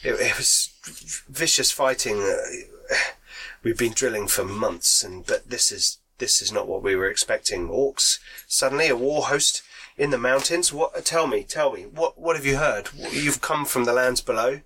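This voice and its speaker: A battle-weary mountain soldier captain, solemn and halting, with a bright, forceful edge, as a man puts him on. Faint hiss sits under the voice. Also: mid-range voice, rough recording. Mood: shaken.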